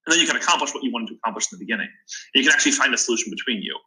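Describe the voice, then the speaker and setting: Young guy on a podcast, super bright tense voice, earnest advice, keeps restarting sentences. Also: medium pitch, animated, racing, poor audio. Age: 20s. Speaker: podcast guest, startup founder. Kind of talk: casual interview talk.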